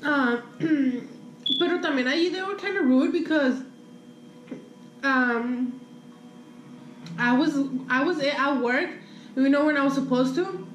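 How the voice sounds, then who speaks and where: This young woman's high-pitched voice comes at a measured pace with frequent pauses, in a roomy, rough recording with faint music behind her. A vlogger, she tells a casual storytime, swearing freely, mixing English and Spanish, and animatedly acting out people's dialogue.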